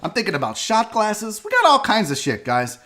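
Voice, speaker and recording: A man hosting a live sports and entertainment show, chatting loosely with viewers and reacting loudly and profanely to a clip. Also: sits high, wildly swooping pitch, a little fast. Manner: loud, profane and joking, often laughing and shouting while reacting to clips; rambling, chatty asides to viewers by name. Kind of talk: casual live-stream commentary.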